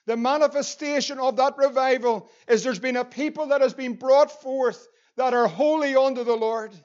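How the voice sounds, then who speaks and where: A man's voice: very high voice, clean tone, lo-fi sound. A man with a Northern Irish accent preaching a sermon as pastor, earnest and repeating phrases for emphasis.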